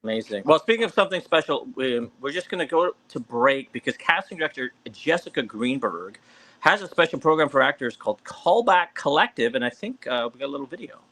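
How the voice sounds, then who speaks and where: A man hosting an interview podcast, asking questions in a chatty, animated way. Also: mid-range voice, a little fast. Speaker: podcast host. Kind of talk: casual interview chat.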